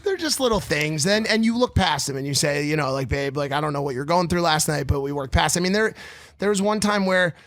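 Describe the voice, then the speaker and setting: Brief: man on a podcast, bright and forceful tone, telling wild stories loosely and animatedly. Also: a little fast, no echo, studio quality. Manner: animated, crude storyteller who mimics others in a high voice. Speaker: podcast co-host. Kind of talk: casual podcast storytelling.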